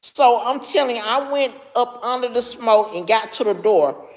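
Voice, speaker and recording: A woman's voice: fairly high pitch, lively intonation, moderate pace, in a large hall. A middle-aged woman with heavy, labored breathing tells a story to her live chat, stopping now and then to answer viewers by name. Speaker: livestream host.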